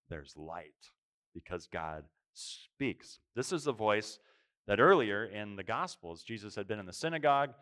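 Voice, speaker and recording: A man's voice: lowish voice, a bit bright. A man preaching a sermon, reflective, asking rhetorical questions and stressing single words. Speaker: pastor.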